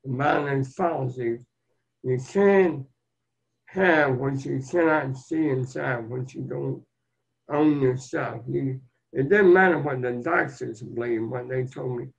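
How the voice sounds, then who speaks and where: Gravelly older man, folksy storyteller. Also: medium pitch, takes it slowly. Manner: folksy, earnest, plain-spoken storyteller. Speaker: guest, motivational speaker. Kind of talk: storytelling interview talk. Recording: dull lo-fi sound.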